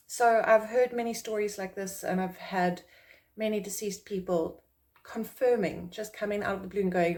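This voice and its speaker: A chatty woman from South Africa talks to camera about her work as a psychic medium, in a middle-pitched voice. She rambles a little with fillers and restarts, and jumps higher whenever she acts out someone else's surprised reaction. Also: fairly even intonation, normal speed, darkish tone. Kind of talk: casual talking-to-camera vlog.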